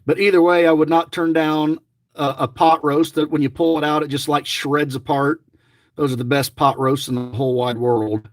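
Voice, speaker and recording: A man's voice: fairly high pitch, steady tone, moderate pace, no echo, studio quality. A middle-aged man giving chatty, rambling running commentary to his viewers, grumbling and joking as he goes. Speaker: lottery scratch-off vlogger.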